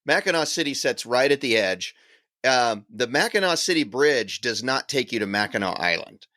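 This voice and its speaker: A man's voice: medium pitch, expressive, moderate pace, sharp tone, dry recording. A man co-hosting a podcast, explaining a point in casual chat. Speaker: podcast co-host.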